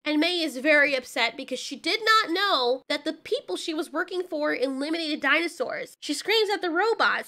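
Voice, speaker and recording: A woman giving a casual, animated show review, swearing and joking as she goes. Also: very high-pitched.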